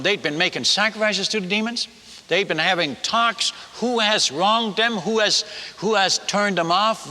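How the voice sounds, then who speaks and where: A man preaching a sermon as an animated storyteller, with folksy asides and restarts. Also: sits high, normal speed. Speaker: preacher and former missionary. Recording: long reverb of a large hall.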